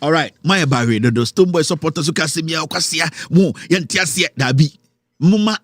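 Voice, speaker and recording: A Ghanaian man hosting a talk show, giving animated, mocking commentary and mixing English with Twi. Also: on the high side, fairly quick, dry recording, clean studio sound.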